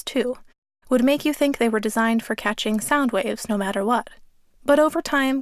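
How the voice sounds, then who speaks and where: A woman author reading her memoir as an audiobook in a studio, in a steady, measured way. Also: on the high side, dry recording. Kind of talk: audiobook narration. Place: recording studio. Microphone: studio microphone.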